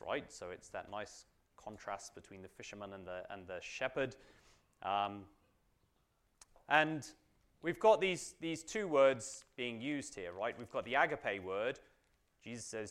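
A man with a slightly low voice teaches a small group in a relaxed, conversational way. He fills pauses with "um" and keeps asking "right?" as he explains. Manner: chatty, frequent fillers and tag questions. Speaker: Bible study teacher. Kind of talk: informal teaching talk to a group.

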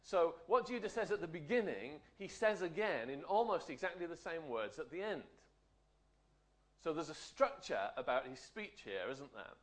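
A man's voice: a little high, very animated, normal speed, a bit bright. Man teaching, chatty with tag questions. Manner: conversational, frequent tag questions. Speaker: Bible teacher. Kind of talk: Bible study teaching.

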